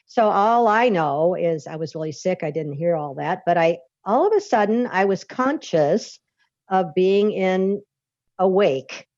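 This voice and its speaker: A woman's voice: lowish voice, darkish tone, dry recording. A woman guest recounting a personal experience in an interview, a vivid storyteller who laughs often and restarts her sentences. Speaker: author and podcast guest. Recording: dull lo-fi dry recording.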